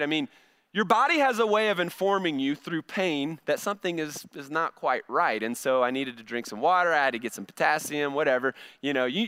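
A man's voice: sits high, sharp tone, clear, resonant tone. A middle-aged male pastor giving a conversational sermon, often repeating words as he starts a phrase.

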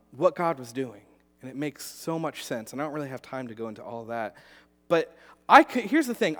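A man's voice: medium pitch, fairly bright tone. A male pastor telling a personal story in a sermon, earnest, with frequent restarts and repeated words. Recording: long hall reverb.

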